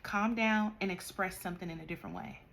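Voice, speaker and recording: A woman doing a tarot card reading, talking straight to the listener in a direct, animated way and scolding them at times. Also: mid-range voice, quick pace. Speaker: tarot reader.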